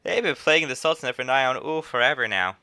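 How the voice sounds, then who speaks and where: A man's voice: mid-range voice, expressive, fast, pushed and bright, clear, resonant tone. A man voicing a chatty female innkeeper who runs a guild, reading her lines in a drawl that drifts between put-on accents. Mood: folksy, storytelling.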